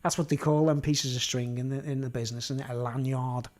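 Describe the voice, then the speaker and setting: A man's voice: mid-range voice, steady tone, brisk, a little mellow. A man rambling casually to camera in a vlog, swearing and filling his talk with "like" and "you know". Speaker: YouTuber.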